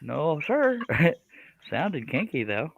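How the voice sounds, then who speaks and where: A man's voice: fairly high pitch, huge pitch swings, very slow, creaky, slight background noise, rough recording. A man with a Texan accent hosting a live stream, joking and laughing often. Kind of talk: casual chat on a live stream.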